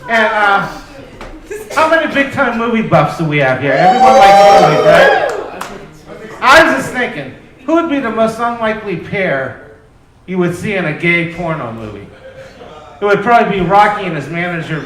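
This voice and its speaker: Guy doing standup, kinda high voice, loose and swears a lot, echoey club, crowd laughing loud. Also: very animated, moderate pace, pauses often. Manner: self-deprecating, loose, profane. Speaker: stand-up comedian. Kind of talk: stand-up comedy set. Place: comedy club stage. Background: audience laughter.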